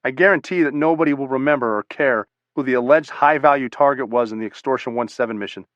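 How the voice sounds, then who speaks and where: A man reads a first-person memoir at a steady, measured pace, plain and matter-of-fact, his voice at an ordinary middle pitch. The recording is dull and bone-dry. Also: no echo. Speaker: audiobook narrator.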